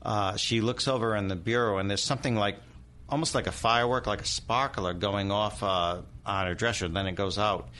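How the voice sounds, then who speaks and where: A man's voice: fairly low pitch, fairly even intonation, fairly quick, bright, forceful tone. A middle-aged man, a demonologist guest, telling a haunting story in vivid detail and acting out the people in it. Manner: dramatic storyteller, acts out quoted voices. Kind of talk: storytelling interview.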